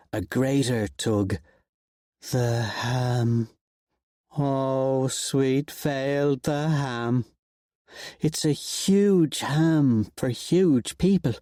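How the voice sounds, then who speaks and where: Expressive male audiobook narrator, dry sound. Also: medium pitch, dry recording.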